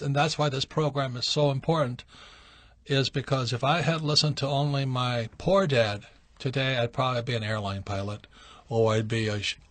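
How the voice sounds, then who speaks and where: A man's voice: mid-range voice, no echo. A man hosting a radio call-in show, telling stories from his youth in a casual storytelling way. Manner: storytelling, animated when acting out quotes. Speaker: radio show host answering questions.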